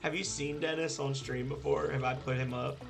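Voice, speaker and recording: A man hosting a casual gaming stream, chatting excitably and swearing casually. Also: medium pitch, moderate pace, vocal fry, over music.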